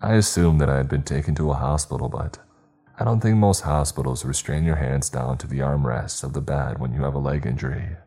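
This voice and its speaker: A man reading a scripted horror story in the first person, steady and measured. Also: a bass voice, breathy edge, soft background music.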